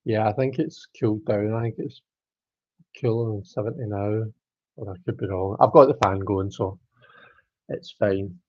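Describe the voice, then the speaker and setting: A man's voice: lowish voice, fairly even intonation, normal speed, long pauses, dry recording. A man in his thirties hosting a casual tarot live stream, chatting in a rambling way and reading viewer comments aloud. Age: 30s. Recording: dull lo-fi stream audio.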